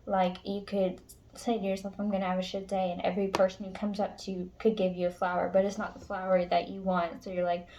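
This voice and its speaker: A woman's voice: mid-range voice, flat delivery, brisk, a little mellow, slight background noise. A woman tarot reader speaking casually and emotionally to her viewers, frank and earnest, swearing now and then. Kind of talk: casual spiritual pep talk to viewers.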